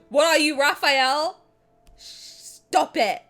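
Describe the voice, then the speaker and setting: A young adult woman streaming, chatting casually and reading game text aloud in an animated, joking way, giggling and swearing. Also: a little high, moderate pace. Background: faint game music.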